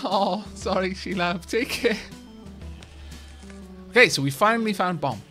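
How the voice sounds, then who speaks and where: A man streaming gameplay live, chatting excitably, reacting to the game and coaxing animals along. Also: high voice, a little slow, faint music behind.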